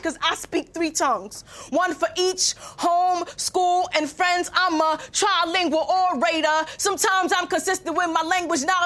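High-voiced young woman performing spoken word. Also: fairly bright tone. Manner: rhythmic, rhyming delivery with shifts between registers. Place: stage before a live audience.

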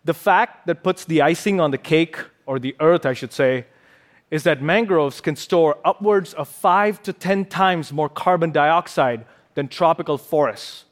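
A man's voice: on the high side, a little slow. A conservationist man giving a live stage talk in a large auditorium, with a playful, punning manner.

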